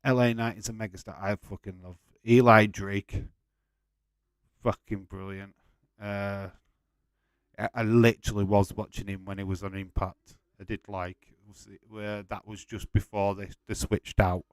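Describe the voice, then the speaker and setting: A man's voice: lowish voice, little pitch movement, a little slow, clean tone, no echo. Sweary, rambling man chatting on a livestream. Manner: swears freely, rambling and restarting. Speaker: livestream host. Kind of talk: casual watch-along chat.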